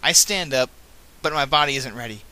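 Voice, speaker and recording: A man's voice: medium pitch, fairly quick, sharp tone, smooth. A man reading fan fiction aloud, breaking off with casual, self-correcting asides. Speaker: reader.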